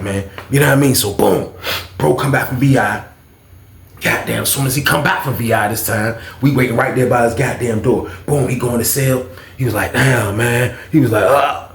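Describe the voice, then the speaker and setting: Male storyteller, fry in the voice, roomy sound, loose and animated retelling. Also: medium pitch. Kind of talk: casual storytime monologue.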